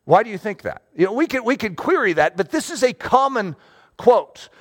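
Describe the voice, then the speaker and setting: A man preaching a sermon as pastor, conversational and animated, often checking in with his listeners. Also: sits high, normal speed.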